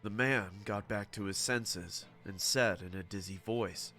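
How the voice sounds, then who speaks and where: A man narrating a horror story in a steady, dramatic scripted telling. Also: fairly low pitch, unhurried, hardly any pauses, soft background music.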